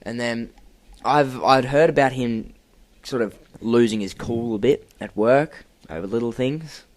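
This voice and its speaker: A young man telling an animated work story on a podcast, acting out quotes and laughing often. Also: medium pitch, a little slow, dry recording. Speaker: podcast co-host. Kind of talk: casual storytelling.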